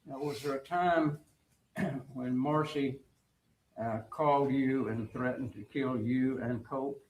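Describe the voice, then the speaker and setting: A man questions a witness in court in a measured, formal way. His pitch is at an ordinary middle level. A faint noise sits under the recording. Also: rough recording. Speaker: attorney.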